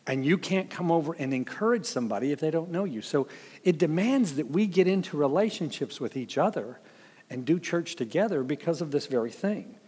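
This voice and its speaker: A man's voice: fairly high pitch, animated, fairly quick, darkish tone, breathy edge. Man, pastor, sermon, storytelling, chuckles, acts out quotes, long hall reverb. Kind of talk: sermon with personal stories.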